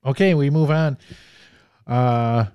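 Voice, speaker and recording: A man's voice: medium pitch, slow pace, smooth, no echo, lo-fi sound. A man hosting a casual movie discussion podcast, joking and reading from his notes. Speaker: podcast host.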